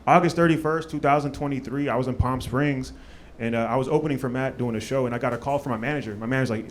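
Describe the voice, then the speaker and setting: A man's voice: mid-range voice, fast, a little hiss or hum. A man from Maryland doing a stand-up comedy set on a club stage, loose and profane with lots of fillers. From Maryland, USA.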